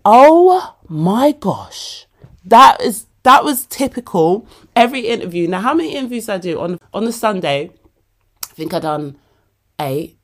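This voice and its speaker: A woman's voice: mid-range voice, animated, moderate pace, fairly bright tone. A young woman hosting her own podcast, chatting casually and openly, laughing often and calling her listeners babe. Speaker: podcast host. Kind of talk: casual solo podcast chat.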